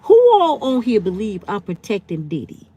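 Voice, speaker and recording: Heated fifty-something woman with a lively voice. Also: medium pitch, normal speed, slightly rough, no room sound. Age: 50s. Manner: heated, blunt and emphatic, swearing. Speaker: channel host. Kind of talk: live-stream commentary, answering chat.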